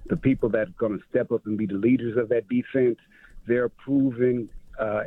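A man's voice: medium pitch, narrow, tinny audio. A man calling in to a sports radio show, enthusiastic and full of praise. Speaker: caller. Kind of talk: call-in talk.

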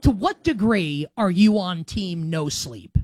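A man's voice: sits high, animated, slow, a little mellow. A man hosting a sports podcast, asking long rambling questions and chatting casually. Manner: rambling, self-interrupting questions. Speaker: podcast host.

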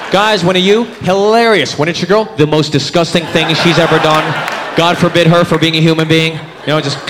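A man in his thirties performing a stand-up comedy set, animated and jumping into character voices. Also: on the high side, a little fast, crowd noise. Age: 30s. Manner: animated, switches into voices for bits. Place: comedy club stage with live audience. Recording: reverberant club, audience laughter, room noise.

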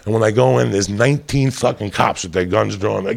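Brisk and fairly low-pitched with vocal fry, a male comedian storyteller works through a profane, rowdy monologue, his tale punctuated by laughter and constant swearing.

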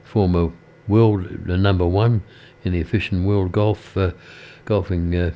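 Rambling older Australian radio presenter. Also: male voice, low-pitched, fairly even intonation, unhurried, mellow. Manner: rambling and hesitant, many uhs. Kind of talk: casual radio chat. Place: radio studio.

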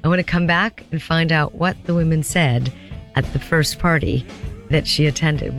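A woman's voice: low-pitched, normal speed, soft background music. A woman hosting a radio talk show, attentively interviewing her guest with brief acknowledgements and questions.

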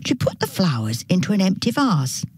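A woman reading a children's story aloud in an animated storybook style. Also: medium pitch, slightly rough, no echo. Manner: slow, animated storybook narration.

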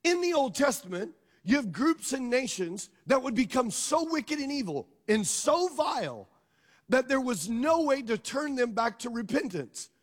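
A man's voice: very high-pitched, very animated, a little slow. A male pastor preaching a sermon, emphatic and calling out questions to his congregation. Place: church sanctuary. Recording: long reverb of a large hall.

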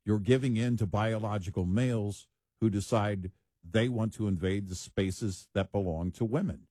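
A man co-hosting a talk show, speaking in a measured, deliberate way. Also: on the low side, dark tone, no room sound. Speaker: co-host. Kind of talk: casual talk show commentary.

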